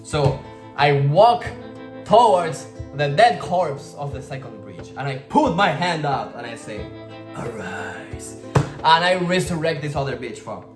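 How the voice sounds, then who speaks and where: A man's voice: on the high side, lively intonation, a little slow. A man vlogging in a casual, rambling way, swearing freely and filling his talk with "like.". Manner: rambling, slangy, swears freely, many "like" fillers. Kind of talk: casual storytelling vlog. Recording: roomy echo with guitar music behind.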